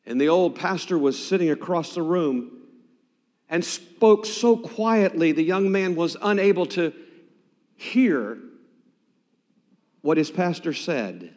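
A man preaching a sermon as pastor, swinging dramatically between loud emphasis and hushed near-whispers. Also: a little high, lively intonation, takes it slowly, pauses often. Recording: long hall reverb.

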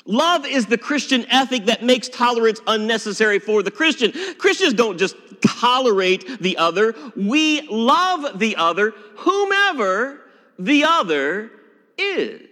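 A man preaching a sermon as pastor, emphatic and expressive, dropping at times to a hushed voice. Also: very high voice, a little slow, big-room sound. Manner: expressive, emphatic preaching with dramatic drops to a hush.

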